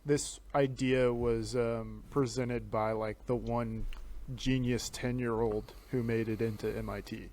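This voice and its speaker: A man's voice: mid-range voice, fairly even intonation, a little slow, a little mellow, slight background noise. A man co-hosting a podcast in casual chat, laid-back and drawling. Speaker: podcast co-host.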